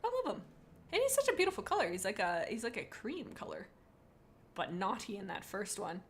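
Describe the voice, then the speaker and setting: A woman's voice: medium pitch, huge pitch swings, fairly quick, a little hiss or hum. A woman on a live stream, rating viewers' pet cats in a playful, rambling way and reading chat comments aloud into a desk microphone.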